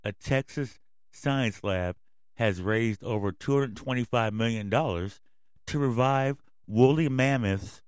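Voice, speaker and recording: Male podcast host, dry close recording, mid-pitched, angry swearing rant. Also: slow pace, clean tone, no room sound. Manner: angry, yelling, swearing constantly. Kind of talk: profane ranting commentary.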